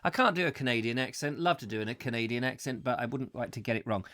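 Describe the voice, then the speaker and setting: A man's voice: medium pitch, animated, fast, pushed and bright. A man from England hosting a live comic chat show, rambling and jokey. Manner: rambling, jokey, does silly voices.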